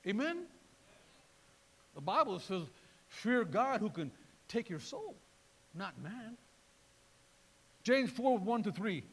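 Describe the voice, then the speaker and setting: A man preaching a sermon in a lively way, repeating words and acting out voices. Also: high-pitched, slow pace, long pauses, breathy edge, in a large hall. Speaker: pastor.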